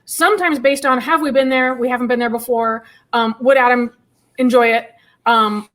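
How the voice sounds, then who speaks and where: A woman's voice: high-pitched, moderate pace, fairly bright tone, soft background music. A woman in a casual chat who handles the travel plans, dropping wry, teasing asides. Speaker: guest, manages travel arrangements.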